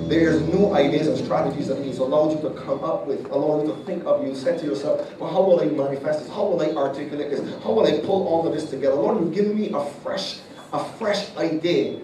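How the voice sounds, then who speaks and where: Fervent preacher in an echoing hall. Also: male voice, on the high side. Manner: fervent, declaring prophecy in bursts. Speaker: apostle. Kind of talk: prophetic sermon, speaking over a congregant. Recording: echoey hall, mic far off, noisy.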